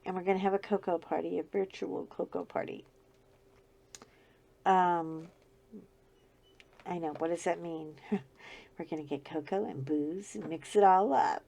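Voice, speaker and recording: Chatty woman with a scratchy, creaky voice. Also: on the low side, fairly even intonation, unhurried, long pauses, dark tone. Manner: chatty, laughs often, rambling. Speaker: crafting channel host. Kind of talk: casual chat while diamond painting.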